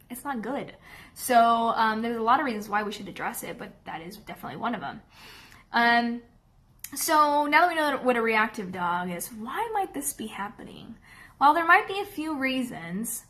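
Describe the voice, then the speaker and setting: A woman's voice: fairly high pitch, fairly bright tone. A woman dog trainer talking casually to camera, chatty and candid, often checking in with her viewers.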